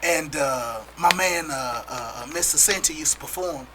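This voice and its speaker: A man hosting a podcast, talking casually and in an animated way as he hypes up his guest. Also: a little high, normal speed, background noise. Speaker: podcast host.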